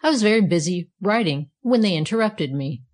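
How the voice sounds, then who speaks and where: A woman's voice: fairly low pitch, animated, a little fast, a little mellow, close to an everyday voice. A woman voicing a grumpy, contrary talking bellows in a read-aloud storybook, speaking bluntly and curtly.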